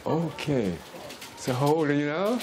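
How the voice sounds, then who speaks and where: A man's voice: a little high, a little slow. Male TV interviewer over crowd chatter. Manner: relaxed, chatty questioning with frequent mm-hmms. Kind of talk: casual interview chat.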